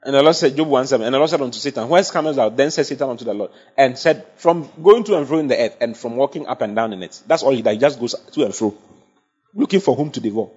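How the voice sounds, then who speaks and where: A man's voice: mid-range voice, lively intonation, quick pace, darkish tone, breathy edge. A man preaching a sermon, emphatic and often checking that his congregation follows. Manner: emphatic, asks the congregation for assent. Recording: dull lo-fi sound.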